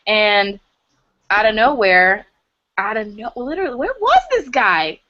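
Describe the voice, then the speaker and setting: Brief: young woman, lively pitch swings, lo-fi call audio, casual chatty recap. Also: unhurried. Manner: lively storytelling recap, animated. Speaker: book club member. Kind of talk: casual chat. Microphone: video call.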